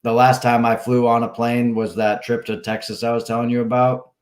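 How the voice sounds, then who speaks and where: A man's voice: medium pitch, flat delivery, brisk. A man, a podcast guest, telling a rambling story in casual talk, full of swearing and "like" fillers. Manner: rambling, heavy swearing, many "like" fillers, acts out quotes.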